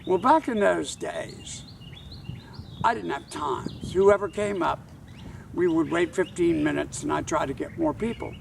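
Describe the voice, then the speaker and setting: An older man, a tour guide and author, telling a wry, measured anecdote to camera outdoors. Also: a little high, creaky, far from the mic, background noise. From Charleston, South Carolina.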